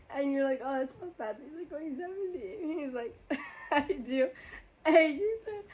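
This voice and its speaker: A woman's voice: high-pitched, moderate pace, slight background noise, rough recording. A young woman hosting a casual chat, telling a story with lots of laughter and acted-out quotes. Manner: animated, laughs often, acts out voices in her story. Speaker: podcast host.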